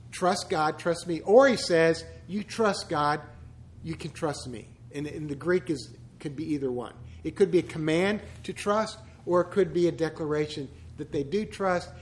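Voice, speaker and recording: A pastor whose voice is notably high leads a conversational church teaching, dotted with jokes and rhetorical questions. Rather than preaching from on high, he speaks as if among friends.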